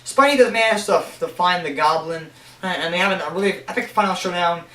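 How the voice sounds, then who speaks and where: A young man with a high-pitched voice gives a loose, rambling countdown, stumbling and restarting his sentences. He sounds off-mic in an echoey room. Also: a little fast, sharp tone, distant mic. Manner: rambling, many restarts and fillers. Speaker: show reviewer. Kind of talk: casual countdown commentary.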